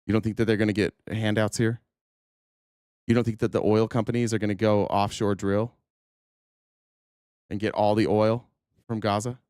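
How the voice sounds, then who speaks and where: A man's voice: on the low side, flat delivery, moderate pace, pauses often, a little mellow, smooth, no room sound, clean studio sound. A man hosting a political talk show, ranting angrily and swearing, choked up at times. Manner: angry, profane ranting. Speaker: podcast host. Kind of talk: political commentary.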